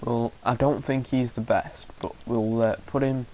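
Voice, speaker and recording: A man narrates his gameplay hesitantly, thinking aloud and restarting often, with an occasional cough. His mid-range voice is dark and steady at a measured pace, captured on a rough recording.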